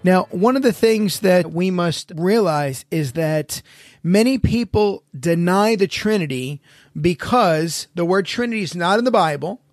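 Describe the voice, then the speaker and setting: A man with a high voice hosts a casual theology podcast. He talks with energy and keeps asking his co-hosts rhetorical questions. The recording is dry and close. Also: lively intonation, measured pace, dry recording, soft background music. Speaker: podcast host.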